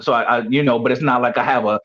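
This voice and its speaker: Speaking rapid-fire at a medium pitch, this man has a steady, slightly bright tone. As a guest coach who used to play pro football, he spins casual, rambling stories packed with "you know" fillers, captured on dull lo-fi audio.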